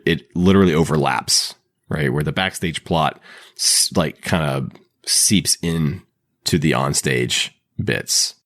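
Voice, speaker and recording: Low-voiced man chatting on a podcast. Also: slow pace, a bit bright, no room sound, studio quality. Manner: chatty, laughs often, restarts sentences. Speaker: podcast host. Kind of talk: casual chat recapping a TV episode.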